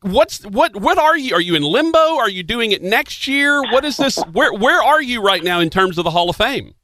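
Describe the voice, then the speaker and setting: A man hosting a radio talk show, asking lively questions with many restarts. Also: sits high, moderate pace, dry recording. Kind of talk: radio interview. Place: radio studio.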